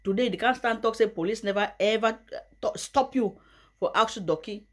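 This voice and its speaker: A young Nigerian woman vlogger giving mocking gossip commentary, often breaking into loud high laughter. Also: brisk, heavy background noise. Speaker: YouTuber.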